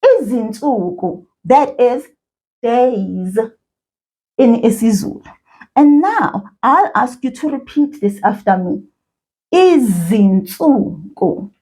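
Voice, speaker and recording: A woman teaching children a language lesson, speaking slowly and encouragingly and repeating words for learners to echo. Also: fairly high pitch, animated, dark tone. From South Africa.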